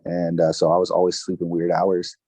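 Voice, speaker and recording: A man in his twenties, a podcast guest, telling a personal story in a casual, halting way with many fillers and restarts. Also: sits low, completely flat delivery, dark tone, no room sound. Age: 20s. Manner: emotional, recounting grief.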